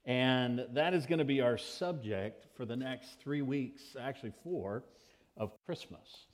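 A middle-aged man preaches a sermon from the pulpit as pastor. He tells stories in an easy, mid-pitched voice and acts out children's questions along the way. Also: unhurried. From United States. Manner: storytelling with lively, acted-out quotes of children.

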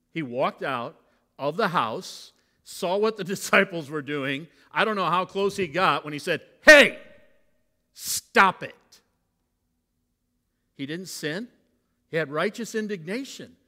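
A middle-aged man preaches in a church sanctuary. His voice sits a touch high and rings bright, and his delivery swings from quiet confiding to forceful exclamations. A long reverb trails every phrase. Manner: swings from hushed confiding to loud shouted bursts. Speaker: pastor. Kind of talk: sermon.

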